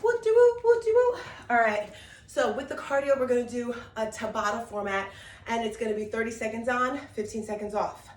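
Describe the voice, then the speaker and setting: A woman's voice: fairly high pitch, steady tone, brisk. A woman fitness instructor talking viewers through a workout on a mat at home, upbeat and encouraging, a little out of breath. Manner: upbeat, encouraging, talks while demonstrating. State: slightly out of breath. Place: room at home on an exercise mat. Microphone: camera mic at a distance. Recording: echoey room, distant camera mic.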